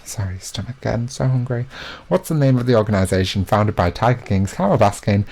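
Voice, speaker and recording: A man's voice: lowish voice, lively intonation, fast, creaky, darkish tone. A young man hosting a live quiz, chatty and joking, with self-mocking asides between questions. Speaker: quiz host.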